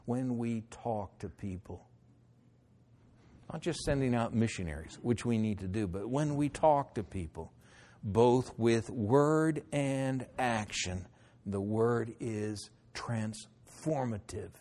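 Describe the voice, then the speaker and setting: A middle-aged man preaching a sermon, moving between loud declarations and hushed, pleading lines. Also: mid-range voice, slow. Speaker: pastor.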